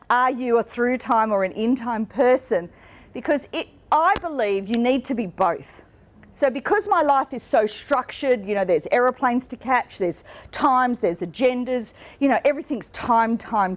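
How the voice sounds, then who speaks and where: A middle-aged woman coaches a room full of listeners from the stage, speaking through a microphone. Her voice sits a touch high for a woman, and she keeps it lively and playful, dropping into quick mock voices of the people she describes. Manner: lively, playful, mimics people in quoted asides. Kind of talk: live seminar talk with slides. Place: conference room with an audience.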